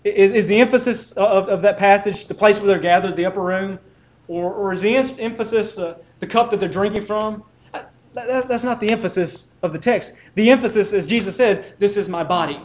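A man with a fairly high voice preaches a sermon, earnest and measured, often restarting his words and putting questions to the listeners. The recording sounds dull and lo-fi.

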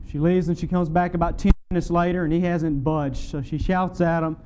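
High-voiced man preaching a sermon. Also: fairly even intonation, brisk, few pauses, dark tone, a little hiss or hum, rough recording. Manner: rhetorical questions and repeated phrases.

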